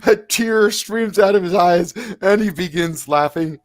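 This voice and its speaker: A man narrating a tabletop game as game master, animated and quick to put on voices for the creatures. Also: high-pitched, dry recording, studio quality.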